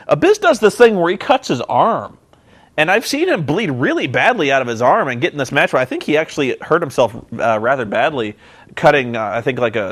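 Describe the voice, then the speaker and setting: A man's voice: mid-range voice, a bit bright. A man casually recapping wrestling in a rambling, sarcastic, profane way with lots of ums and uhs. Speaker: vlogger reviewing wrestling.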